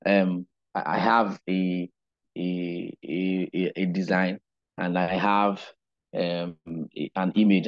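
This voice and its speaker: A man teaching a digital marketing class online, unhurried and explanatory, often checking in with "right?". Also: low-pitched, muffled recording. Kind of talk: live online class lecture.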